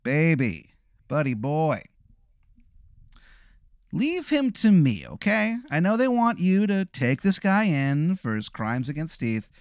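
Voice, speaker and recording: A man's voice: on the high side, huge pitch swings, slow pace, smooth, no echo, clean studio sound, pitched above the performer's own voice, heavily acted. A man voicing a sinister, oily candy-peddling man in a red suit who coaxes and then threatens. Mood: coaxing. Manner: oily, coaxing, then menacing.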